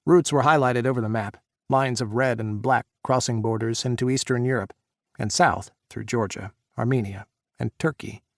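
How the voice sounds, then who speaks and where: Male audiobook narrator, mid-pitched voice, dry close recording, action scenes. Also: moderate pace, dry recording. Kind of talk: scripted narration.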